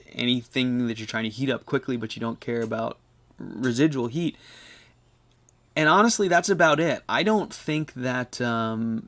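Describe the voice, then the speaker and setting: A man with a low, gravelly voice hosts a casual live chat. He explains things at length, restarting his sentences and circling back as he thinks aloud. His manner is relaxed and conversational. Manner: rambling, self-correcting, explanatory. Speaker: host of a live stove chat. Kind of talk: casual live-stream chat answering questions.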